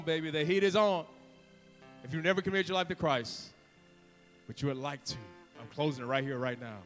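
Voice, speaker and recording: Fervent high-voiced preacher in a church hall. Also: male voice. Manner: fervent, preaching with sudden whispers and shouts. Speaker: guest preacher. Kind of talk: sermon altar call. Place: church sanctuary. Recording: reverberant church hall with music.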